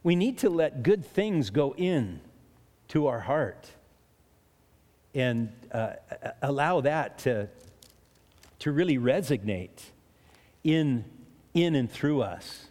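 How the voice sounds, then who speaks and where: A man's voice: medium pitch, very animated, takes it slowly, long pauses, a little mellow. A man preaching a sermon in a chatty way, often restarting and chuckling between points. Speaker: pastor. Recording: long hall reverb.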